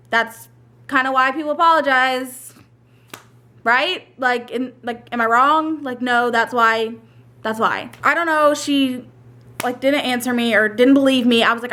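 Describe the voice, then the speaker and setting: High-voiced young woman telling a storytime. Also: moderate pace, fairly bright tone. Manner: chatty, retells quotes in many "like" asides. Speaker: storyteller vlogger. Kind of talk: casual storytime vlog.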